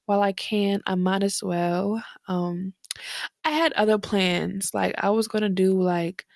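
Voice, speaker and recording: A woman's voice: mid-range voice, steady tone, a little slow, creaky, darkish tone, no room sound, clean studio sound. A tired, slightly breathless young woman hosting her podcast late at night from her bedroom, chatting casually in a rambling, slangy way with lots of fillers. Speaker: podcast host. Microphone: headphones and desk mic.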